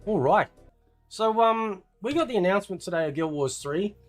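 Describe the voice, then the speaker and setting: A man's voice: high-pitched, lively intonation, normal speed, dry recording, soft background music. A man with an Australian accent giving blunt, frustrated video commentary, often tagging his sentences with "right". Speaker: YouTuber.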